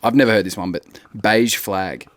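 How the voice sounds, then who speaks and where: Male podcast co-host, low voice, playful and jokey, dry mic. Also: moderate pace, no echo. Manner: playful, laughs often, quizzing. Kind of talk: casual chat.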